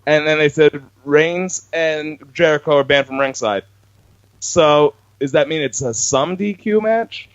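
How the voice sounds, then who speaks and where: A man's voice: fairly high pitch, a little slow, dry recording. Rambling man on a lo-fi podcast. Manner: rambling, self-correcting recaps. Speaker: podcast co-host. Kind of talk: casual wrestling podcast chat.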